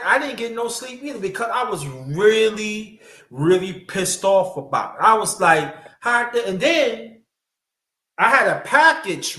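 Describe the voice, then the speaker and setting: Animated man telling a story in an echoey room. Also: high voice. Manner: animated storyteller, swears freely. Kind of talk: casual podcast storytelling. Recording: roomy echo.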